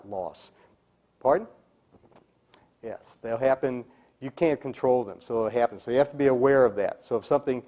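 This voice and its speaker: A man's voice: mid-range voice, warm tone. A middle-aged man giving a speaking-skills seminar to a live group, emphatic and demonstrative, sometimes dropping to a whisper to make a point. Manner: emphatic, demonstrates delivery, drops to a whisper for effect. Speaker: speaking coach.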